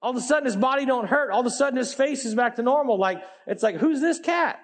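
A man preaching a sermon in a casual, animated way, full of slang, swinging between loud emphatic bursts and quiet low asides. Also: quick pace.

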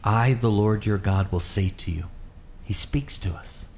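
A man's voice: mid-range voice, a little slow, slight background noise. A man who is a pastor, earnestly preaching on a Bible passage during a radio discussion. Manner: earnest and animated, shifts to a hushed gentle voice when quoting God.

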